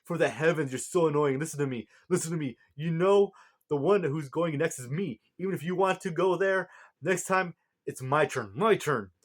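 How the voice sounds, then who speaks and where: A man's voice: medium pitch, expressive, measured pace, natural voice. A man voicing a hyperactive, boastful male jackal god who keeps repeating himself eagerly. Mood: pushy. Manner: pushy, eager, repeats words.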